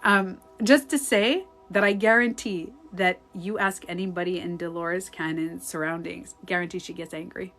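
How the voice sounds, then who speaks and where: Woman rambling on a phone live stream, candid, swears a bit, goes hushed sometimes, faint music behind. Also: lowish voice, fairly even intonation, moderate pace, hardly any pauses. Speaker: life coach hosting a live stream. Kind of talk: casual live-stream chat answering comments.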